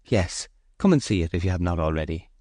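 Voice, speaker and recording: A man's voice: low-pitched, animated, a little fast, a little mellow, no room sound, clean studio sound. Man voicing a proud grieving young farm mistress. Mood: wistful. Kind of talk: audiobook character voice.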